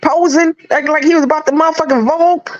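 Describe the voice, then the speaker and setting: A woman telling gossip stories in a casual chat, profane and laughing loudly as she talks. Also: sits high, fairly even intonation, quick pace. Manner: profane, laughing, loud storytelling. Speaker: co-host gossiping. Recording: dull lo-fi audio.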